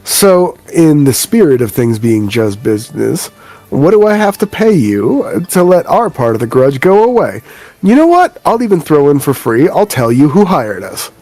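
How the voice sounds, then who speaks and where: A man's voice: a little high, big pitch swings, normal speed, a little mellow. A man voicing a smug male mercenary businessman who talks blunt and breezy, with faint music behind. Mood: businesslike.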